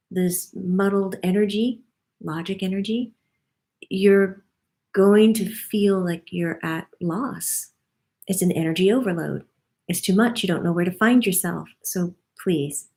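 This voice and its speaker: Woman, medium, casual monthly forecast, chatty, laughs often, medium pitch. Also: darkish tone. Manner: chatty, laughs often, relays what the guide says. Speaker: medium relaying a spirit guide's messages.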